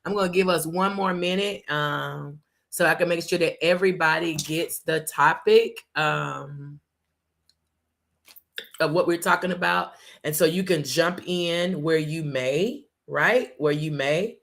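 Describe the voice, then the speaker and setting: A woman's voice: low voice, unhurried, vocal fry, a bit bright. A woman hosting a casual live talk, speaking emphatically and repeating her points, calling her listeners y'all. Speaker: host.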